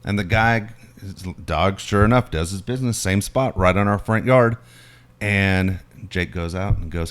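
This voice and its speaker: Speaking at normal speed with a low-pitched voice, this middle-aged podcast co-host swaps stories and sports talk on a casual show. His delivery is animated, full of free swearing and plenty of restarts.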